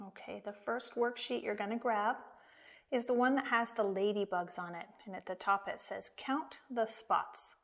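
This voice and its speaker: An American woman teaching an online preschool lesson, speaking slowly and encouragingly to small children. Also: medium pitch, fairly even intonation, a bit bright.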